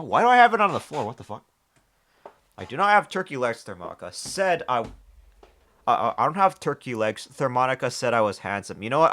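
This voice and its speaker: Man, livestreamer, somewhat low voice, rambling chat, curses a lot, trips over his own sentences. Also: a bit bright. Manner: rambling, joking and swearing, many restarts. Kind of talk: casual live-stream chat.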